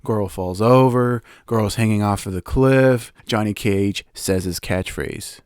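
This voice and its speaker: A young man hosting a podcast, retelling a movie's plot in a loose, excited ramble full of fillers and little laughs. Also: fairly low pitch, unhurried, few pauses, clean tone, no echo, studio quality. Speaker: podcast host. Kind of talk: casual movie recap.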